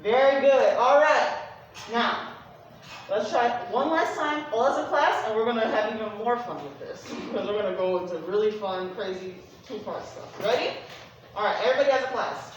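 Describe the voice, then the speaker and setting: A woman's voice: on the high side, lively intonation, moderate pace, dull audio. A woman music teacher leading a class through a rhythm exercise, counting off beats and cheering the students on. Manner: counts off beats, upbeat and encouraging. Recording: echoey room from far off, noisy.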